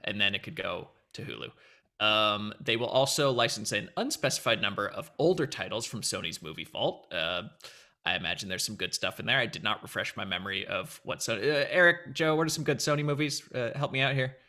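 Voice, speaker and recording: A man's voice: fairly low pitch, expressive, brisk, pushed and bright. A man hosting a casual entertainment news chat, joking and playful as he goes. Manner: jokey, playful asides. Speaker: host.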